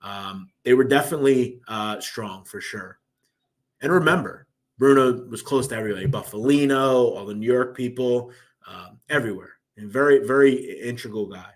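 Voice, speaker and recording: Reading viewer comments on his casual live-stream, a young man with a Philadelphia accent, from Philadelphia, USA, talks in a loose, rambling way packed with fillers. His mid-range voice moves at normal speed.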